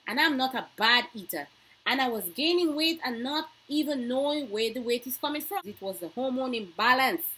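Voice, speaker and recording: A middle-aged woman speaks in a fairly high, slightly husky voice. She talks earnestly to camera in a personal vlog and hammers her warnings home with repetition. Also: pushed and bright, low-quality recording. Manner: earnest, emphatic, repeats warnings. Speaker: vlogger.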